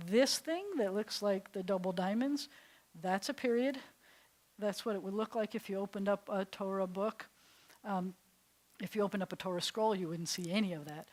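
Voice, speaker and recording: A middle-aged woman from New York teaching a Hebrew class as a rabbi. She speaks in a chatty, animated way and laughs often between points. Her voice sits at a middle pitch.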